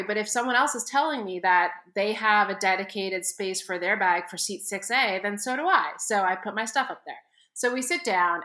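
A woman co-hosting a podcast, telling a story in a casual, animated way and acting out the people in it. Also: medium pitch, echoey room. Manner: animated, quotes people with exaggerated voices. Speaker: podcast co-host.

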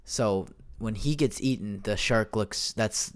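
Young male solo podcast host, lowish voice, loose and rambling, lots of ums and restarts, desk mic at home. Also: slow pace. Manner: rambling, many fillers and self-corrections. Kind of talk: casual solo podcast chat. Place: home room. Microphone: desk microphone.

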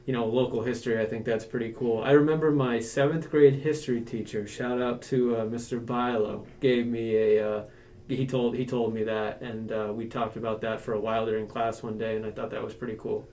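Chatty laughing podcast host. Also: male voice, mid-range voice, steady tone, a little fast, dark tone, a little hiss or hum. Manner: chatty, laughs easily, trails off. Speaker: podcast co-host, sports editor. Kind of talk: casual chat.

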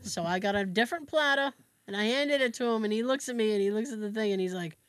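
A woman co-hosting a podcast, telling a family story in casual chat, animated and acting out her relatives' voices with frequent laughs. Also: medium pitch, fast, no echo. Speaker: podcast co-host.

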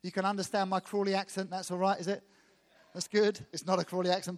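Man preaching, high voice, quick and emphatic, long echo of a church hall. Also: little pitch movement. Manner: fast, emphatic preaching with crowd asides. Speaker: visiting pastor. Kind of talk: sermon.

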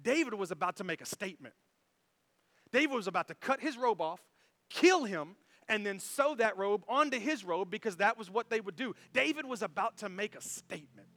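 A man preaching a sermon as pastor, animated and conversational, full of rhetorical questions to the congregation. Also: high voice, a little fast, no echo.

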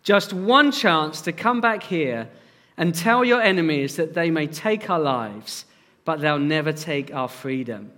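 A man's voice: a little high, animated, a little slow, pushed and bright, big-room sound. A man putting on a shaky Scottish accent that slips toward Irish to play a defiant rebel leader rallying his troops. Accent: shaky put-on Scottish, drifting Irish. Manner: declaiming a film speech.

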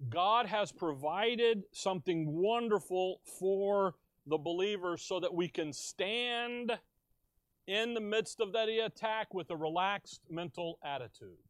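High-voiced male pastor, slow and emphatic. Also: lively intonation, no room sound. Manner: slow, emphatic teaching with questions to the congregation; tells jokes with quoted voices. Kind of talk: sermon.

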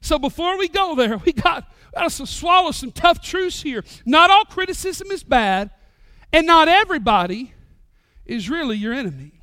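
A middle-aged male pastor, preaching a sermon with animated, joking stories. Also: extremely high pitch, moderate pace, dry recording, studio quality.

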